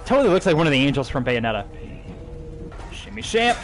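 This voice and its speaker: A young man streaming a video game, joking excitedly and swearing as he plays, laughing at his own jokes. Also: mid-range voice, rapid-fire. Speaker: gaming livestreamer. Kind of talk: casual let's-play commentary. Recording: game music playing behind the voice.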